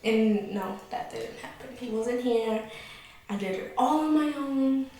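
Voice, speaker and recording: A woman's voice: on the high side, measured pace, mellow, a little hiss or hum. A young woman in her late teens candidly telling a personal story in casual chat, talking with lots of likes and restarts. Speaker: vlogger. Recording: very echoey room, mic far off.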